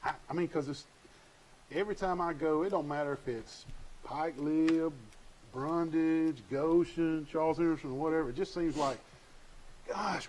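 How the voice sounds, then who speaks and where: A folksy man hosts a local sports chat in a voice pitched a little high. He teases his guests in an easygoing way. A faint hiss runs under the recording. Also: a little mellow, rough recording. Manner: folksy, teasing. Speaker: sports show host. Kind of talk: casual interview chat.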